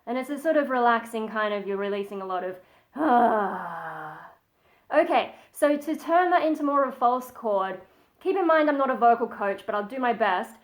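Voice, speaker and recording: A woman's voice: a little high, lively intonation, a little fast. A woman at home giving a casual metal vocal tutorial, chatty and modest, stopping often to show the sounds she means. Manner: chatty and modest, breaks off to demonstrate sighs and growls.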